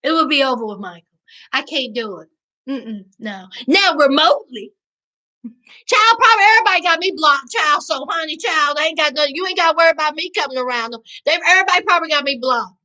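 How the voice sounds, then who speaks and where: A woman with a Southern US accent hosts a casual live recap, answering chat in a sassy, animated way. Her voice sits very high. It sounds bright and forceful. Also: fast, low-quality recording. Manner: sassy, animated, calls viewers child and honey. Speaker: livestream host reading chat.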